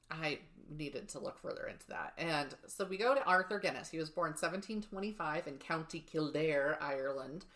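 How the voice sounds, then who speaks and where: A woman's voice: low voice, a bit bright. A woman co-hosting a true-crime podcast who chats casually, laughs often and swears. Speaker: podcast co-host.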